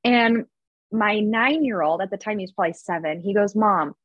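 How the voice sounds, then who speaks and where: A woman's voice: mid-range voice, fairly quick, slightly rough, dry recording, highs cut off. A woman in her thirties, a podcast guest, openly telling a personal story in a confessional, conversational way. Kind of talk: candid personal storytelling in an interview.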